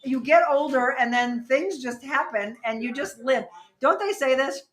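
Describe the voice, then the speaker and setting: Bright, chatty woman hosting a show. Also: high voice. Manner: chatty, laughing, quick asides to people in the room. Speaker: host. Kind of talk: casual livestream chat.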